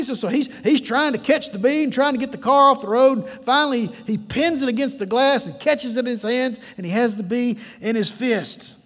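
A high-pitched man preaches a lively sermon, teasing and coaxing his congregation along. His voice rings through a church sanctuary with a long reverb tail. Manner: playful, coaxing the congregation, emphatic storytelling. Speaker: pastor.

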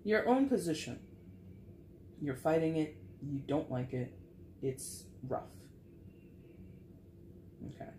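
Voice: medium pitch, big pitch swings, slow, long pauses, warm tone, slight background noise. A tarot reader giving a casual, frank reading to camera, sighing often and swearing now and then. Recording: echoey room with faint ambience.

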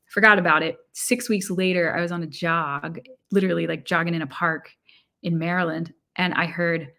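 A woman's voice: lowish voice, normal speed, fairly bright tone. A middle-aged woman, a guest author and musician, telling stories animatedly, acting out her own thoughts and sometimes dropping to a near whisper. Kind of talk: casual interview storytelling.

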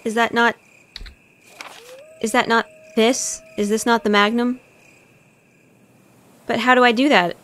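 A woman's voice: fairly high pitch, level tone, unhurried, long pauses, a bit bright, slight background noise. A young woman streamer chatting casually to her viewers while playing a game, often flustered and panicky. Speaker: gaming streamer. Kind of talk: casual gameplay commentary.

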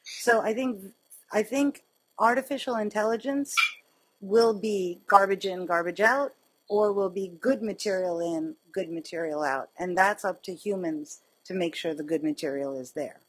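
A middle-aged woman physician giving a conversational medical lecture, chatty and self-mocking, telling anecdotes with quick wit. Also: medium pitch, slightly rough.

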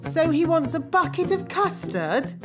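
A fussy fairy nanny who grumbles her way through every line in a children's cartoon. Her voice sits high and swoops about, and she speaks slowly. Cartoon music plays beneath her. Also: sing-song, exaggerated voice. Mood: grumbling. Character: grumbling fairy nanny, middle-aged woman. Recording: music behind the voice.

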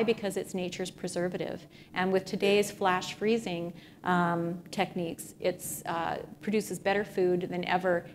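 Woman, middle-aged, lively storyteller, lots of fillers, faint background noise. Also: fairly low pitch. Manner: energetic storytelling with frequent fillers. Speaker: speaker at a business event. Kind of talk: talk to an audience.

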